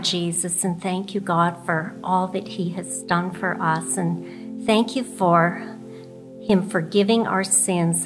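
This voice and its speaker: A woman's voice: lowish voice, fairly bright tone. A woman giving a storytelling sermon in an earnest manner, ending in prayer. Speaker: church speaker.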